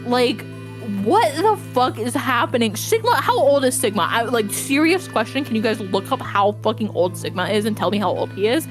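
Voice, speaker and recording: Woman streamer, fed-up ranter with lots of swearing, fairly high voice over game music. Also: lively intonation, normal speed. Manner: exasperated ranting, heavy swearing. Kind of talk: live-stream gameplay chat.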